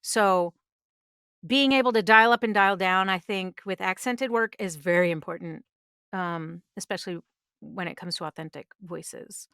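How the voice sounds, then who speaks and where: Earnest, smooth-voiced woman giving advice. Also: on the low side, normal speed, a bit bright, dry recording, studio quality. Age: middle-aged. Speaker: voice actress guest. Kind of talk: conversational interview. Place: podcast studio.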